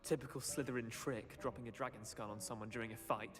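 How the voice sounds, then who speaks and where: A man's voice: medium pitch, steady tone, fast, a bit bright, soft background music, lightly acted. A young man voicing a brash, scrappy student in a video game who talks in a cocky, chatty way.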